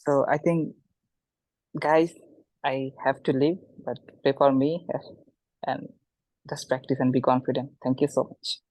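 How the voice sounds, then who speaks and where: A man from Bangladesh, giving an informal motivational talk in an online webinar, often pausing and repeating words. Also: medium pitch, dry recording, poor audio. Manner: halting, repeats words, animated when quoting people. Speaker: webinar guest speaker.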